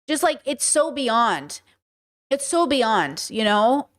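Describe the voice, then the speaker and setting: A woman's voice: a little high, big pitch swings, slow pace. A woman streamer reacting to news clips, talking indignantly and animatedly and mimicking other people. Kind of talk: casual reaction commentary.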